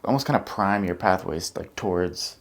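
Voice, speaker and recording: A man's voice: deep voice, moderate pace, vocal fry. A man hosting a podcast, chatting loosely with many fillers and murmuring agreement. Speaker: podcast host. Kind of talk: casual podcast conversation.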